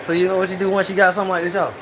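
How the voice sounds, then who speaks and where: A hyped home cook filming a cooking vlog, talking excitedly to the chat in slangy exclamations. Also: medium pitch, racing. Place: home kitchen with the fan running. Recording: noisy, with kitchen fan hum.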